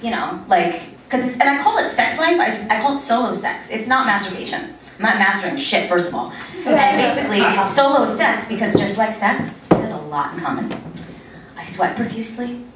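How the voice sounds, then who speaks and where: Audience chatter, laughter and crowd noise surround this far-off, echoey recording of a stand-up comedian in a small club. She's in her thirties, with a mid-range, animated voice at a fairly quick clip, delivering a crude, rambling set and laughing at her own jokes.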